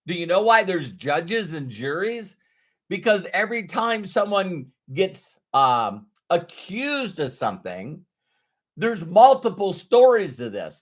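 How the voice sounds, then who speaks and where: A man giving a motivational business training talk, telling stories and asking rhetorical questions with slow, stressed words. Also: on the high side, fairly bright tone.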